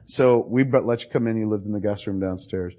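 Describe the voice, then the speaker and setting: A man with a low-pitched voice tells a story in a loose, rambling way. He swears freely and jumps into other people's voices as he quotes them. He sounds middle-aged. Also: fairly quick, warm tone. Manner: rambling, profane, acts out quoted dialogue. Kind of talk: casual conversation, storytelling.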